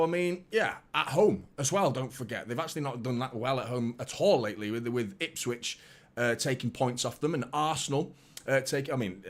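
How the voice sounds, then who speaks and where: A man chats his way through a live football watchalong stream as host. His voice sits in an ordinary middle pitch. He talks excitably, greets viewers one by one and circles back over his own words. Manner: excitable, chatty, greets viewers by name, repeats himself. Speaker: fan channel host.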